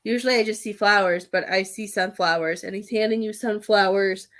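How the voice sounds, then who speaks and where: Halting woman giving a psychic reading. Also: medium pitch, fairly even intonation, a bit bright. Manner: halting, rambling with many restarts. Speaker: psychic medium.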